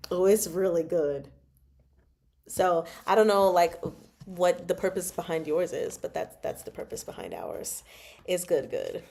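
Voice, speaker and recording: A woman hosting a casual livestream book chat, animated and exasperated, laughing often and talking back to the characters. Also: fairly low pitch. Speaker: book club host.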